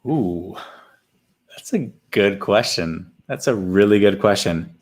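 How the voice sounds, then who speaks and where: A man's voice: on the low side, expressive, slow pace. A man co-hosting a casual sports talk show, giving blunt, emphatic opinions.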